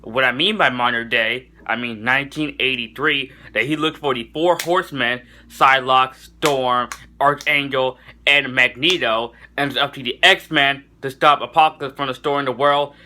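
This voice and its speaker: A man's voice: medium pitch, steady tone, moderate pace, hardly any pauses, pushed and bright. A young man giving a casual, enthusiastic movie review, rambling and often correcting himself.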